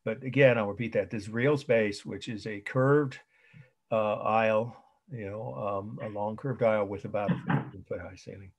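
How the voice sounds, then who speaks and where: A man's voice: fairly low pitch, fairly even intonation, normal speed, breathy edge. A middle-aged man giving a college art history lecture, repeating his points and thinking aloud with fillers.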